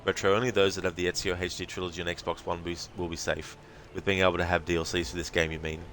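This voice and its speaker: A man with an Australian accent, streaming a game and chatting casually with viewers, relaxed and full of fillers. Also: low-pitched, fast talker, a little hiss or hum. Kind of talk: casual gaming commentary.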